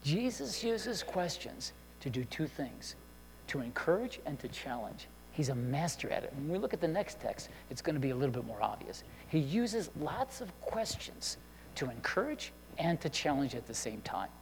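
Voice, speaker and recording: A man with a higher voice and big pitch swings preaches a sermon conversationally at normal speed. He often checks in with listeners and restarts sentences, and the recording carries long hall reverb with a faint hum.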